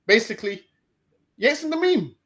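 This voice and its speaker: A man's voice: very high-pitched, very animated, brisk, a bit bright. A man hosting a live stream show, chatting casually and often stammering and repeating words. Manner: stammering repetitions, easygoing.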